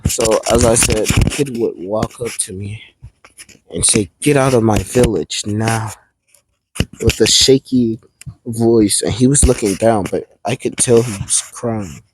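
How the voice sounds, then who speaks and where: A man's voice: lowish voice, unhurried, background noise. A man telling an improvised fan story aloud, rambling along and stopping to restart parts.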